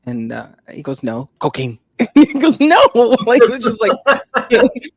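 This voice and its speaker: A woman's voice: fairly high pitch, wildly swooping pitch, moderate pace, slightly rough, dry recording, studio quality. A woman in her fifties chatting casually on a live stream, telling anecdotes and laughing often.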